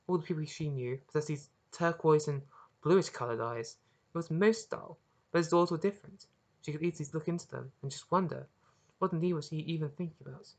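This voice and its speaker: An author reading their own story aloud as narration, earnest and expressive, with occasional small restarts. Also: medium pitch. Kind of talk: audiobook narration.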